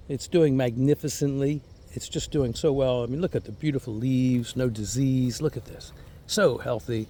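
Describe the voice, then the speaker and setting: A man's voice: mid-range voice, mellow, a little hiss or hum. A man hosting a casual garden vlog outdoors, talking in an enthusiastic, rambling way and repeating words as he goes. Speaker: fig grower and channel host.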